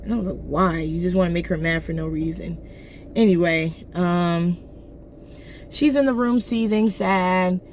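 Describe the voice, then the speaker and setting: An animated woman chatting casually as she recaps a book. She slips into the characters' lines with sudden shifts of voice, in blunt, slangy talk. A faint hiss of noise sits behind her. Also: fairly low pitch, a little slow. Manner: slangy, blunt asides and swearing. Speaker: book reviewer. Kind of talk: casual chat, retelling a novel's plot.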